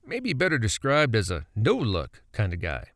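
A man narrating a folksy story in an animated, storytelling manner. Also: lowish voice, moderate pace, no room sound, clean studio sound.

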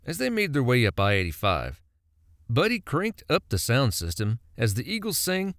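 A man telling a folksy story with a very lively, swooping voice. His tone has a gravelly edge, and the recording is dry and close. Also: medium pitch, normal speed, no echo. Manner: folksy, animated. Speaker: narrator. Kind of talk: storytelling narration.

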